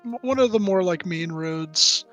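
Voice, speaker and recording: Slow, hesitant man running a tabletop game. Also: high-pitched, a bit bright, soft background music. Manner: hesitant, lots of fillers and throat clearing. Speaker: game master.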